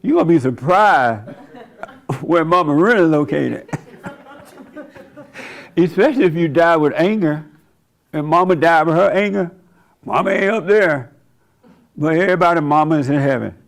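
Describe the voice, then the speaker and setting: A man's voice: on the high side, expressive, unhurried, gravelly, pauses often. A man in his seventies giving a folksy, conversational sermon monologue as a church host, often laughing and mocking. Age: 70s.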